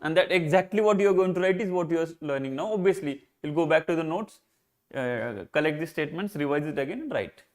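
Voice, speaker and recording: An Indian English-accented man with a fairly high voice talks fast and animatedly as he teaches philosophy in an exam-prep lecture. He poses rhetorical questions and answers them himself, repeating and rephrasing key points and slipping into Hindi.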